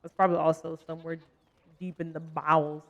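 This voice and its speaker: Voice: mid-range voice, level tone, fairly quick, gravelly, muffled recording. A young adult livestreamer chatting casually over gameplay, rambling between games, laughing often and answering chat.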